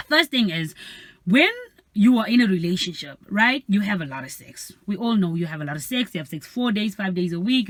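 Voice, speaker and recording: A woman's voice: on the high side, slight background noise. A young woman vlogging from her parked car, telling stories in a casual chat and acting out her friends' voices as she goes. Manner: animated storyteller, acts out friends' voices.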